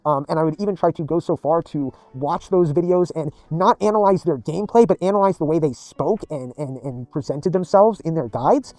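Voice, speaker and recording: A man's voice: fairly high pitch, animated, brisk, hardly any pauses, mellow, dry recording. A man telling a long personal gaming story in a rambling, emphatic way. He repeats himself and swears often. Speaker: gaming video creator.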